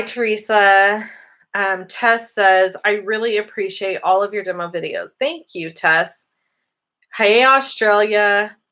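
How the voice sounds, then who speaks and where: A woman with a mid-range, pushed, bright voice hosts a casual live-stream Q&A. She's chatty and upbeat, reading viewer comments aloud and answering them.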